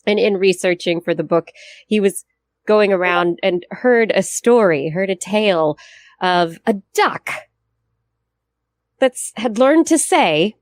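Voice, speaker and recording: A woman's voice: mid-range voice, expressive, slow pace, dry recording. Lady explaining science stuff on a podcast, laughs a lot, super dry mic. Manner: explanatory, laughs easily, self-correcting. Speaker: co-host. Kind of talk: casual science podcast chat.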